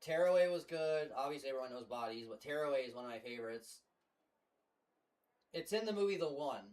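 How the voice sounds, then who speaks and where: A man's voice: mid-range voice, expressive, brisk, a little mellow. Rambling, cursing young man on a headset. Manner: rambling, profane storytelling. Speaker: streamer. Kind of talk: casual chat.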